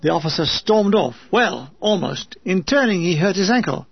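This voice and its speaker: Wry, high-voiced man reading a memoir. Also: lively intonation, moderate pace, gravelly, breathy edge, dry recording, muffled recording. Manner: wry, lyrical. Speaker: narrator reading his own war memoir. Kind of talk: audiobook reading with comic asides.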